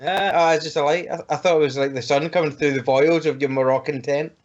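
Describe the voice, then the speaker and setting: A man's voice: a little high, steady tone, quick pace. A man co-hosting a casual podcast chat over an online call, rambling and joking and laughing often. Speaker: podcast co-host. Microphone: home computer microphone on an online call. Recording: muffled lo-fi call audio.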